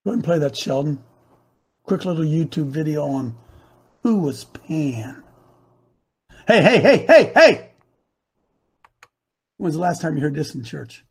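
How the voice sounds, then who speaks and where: A man preaching a sermon, animated, rising to loud bursts. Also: a little high, moderate pace, gravelly, husky. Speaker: pastor.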